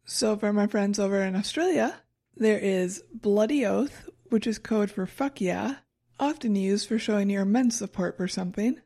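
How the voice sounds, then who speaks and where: A woman co-hosting a podcast, reading from her notes and fumbling over foreign words. Her voice has a gravelly, fry-heavy texture. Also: medium pitch, moderate pace, mellow. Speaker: podcast co-host presenting research. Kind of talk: casual chat.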